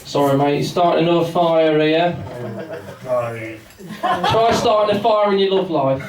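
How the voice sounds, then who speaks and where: In a pub function room, an English comedian in his twenties does a rambling, self-mocking stand-up set and banters with the live audience, whose laughter and chatter fill the background. His slightly high voice is animated and measured, picked up from afar in the echoey room.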